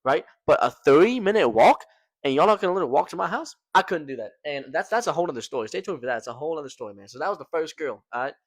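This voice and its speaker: A man's voice: a little high, animated, fast, no echo. A young man casually telling a personal story to his viewers, slangy and loose, tossing in "man" and "right?" as he goes. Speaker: storytelling vlogger.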